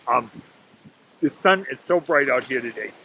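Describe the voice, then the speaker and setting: A man's voice: mid-range voice, lively intonation, normal speed, pushed and bright, a little hiss or hum, rough recording. A man chatting casually into his laptop on a lakeshore beach, rambling through a story and his day. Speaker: vlogger. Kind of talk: casual outdoor video diary. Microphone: laptop webcam.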